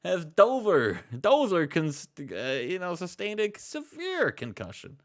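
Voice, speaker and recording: A man hosting a casual podcast, recapping matches in an animated, profane storytelling way. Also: high voice, a little slow. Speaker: podcast host. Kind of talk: casual chat recapping a wrestling sim.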